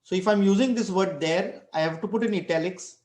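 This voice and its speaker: High-voiced man lecturing in an echoey room. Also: a little fast, a little mellow. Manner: explains step by step, many restarts and tag questions. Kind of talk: online lecture on citation.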